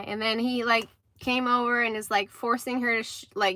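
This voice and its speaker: Young female streamer, chatty storyteller, bright, dry sound. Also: on the high side, normal speed, dry recording. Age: young adult. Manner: chatty, animated retelling with acted-out quotes. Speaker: livestream host. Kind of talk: casual livestream storytelling.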